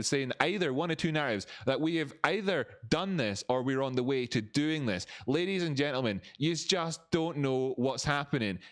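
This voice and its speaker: A man hosting a live stock-chart stream, ranting to his viewers with profanity and lots of repetition. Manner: animated, rising in pitch for emphasis; repeats phrases, talks to viewers as family. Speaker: livestream market analyst.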